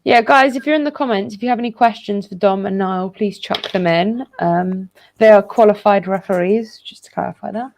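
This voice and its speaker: A woman hosts a casual live stream and reads viewer comments aloud, pausing often with fillers. Her voice is gravelly with plenty of fry and has a warm, mellow tone. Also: medium pitch, poor audio. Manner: relaxed, hesitant with many fillers. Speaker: host reading viewer comments.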